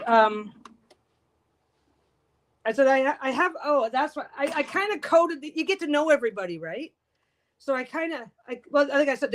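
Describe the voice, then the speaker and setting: A woman vlogger telling work stories in a blunt, profane, exasperated way as she sews, with a sewing machine heard behind her. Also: sits high. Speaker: quilting vlogger. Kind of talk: casual storytelling while sewing.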